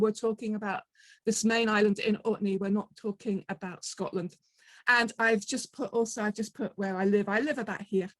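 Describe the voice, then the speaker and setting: A woman's voice: fairly high pitch, no echo. A middle-aged woman with a Portsmouth accent giving a chatty, self-deprecating conference talk full of ums. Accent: Portsmouth English. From south of England. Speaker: conference speaker.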